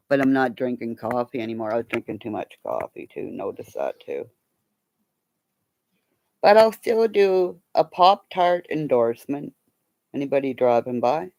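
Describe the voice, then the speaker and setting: A woman's voice: low voice, creaky, a little hiss or hum. A woman rambling in a casual live chat from her home, drifting between stories and cooing baby talk to her dog. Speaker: vlogger. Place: at home, indoors.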